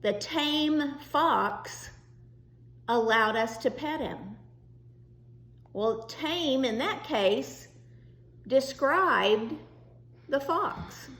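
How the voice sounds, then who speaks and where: A woman teacher talks slowly and patiently, explaining things step by step for young children. Her voice is mid-pitched. It rings in an echoey room. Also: lively intonation, a bit bright. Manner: slow, patient, reassuring explanations. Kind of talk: virtual class lesson to young students.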